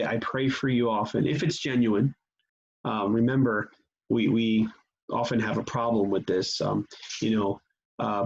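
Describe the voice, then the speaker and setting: A man teaching a church class on grief in a conversational manner, often pausing with fillers and restarting his sentences. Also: medium pitch, vocal fry, breathy edge. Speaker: pastor. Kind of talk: teaching session. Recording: dull lo-fi sound.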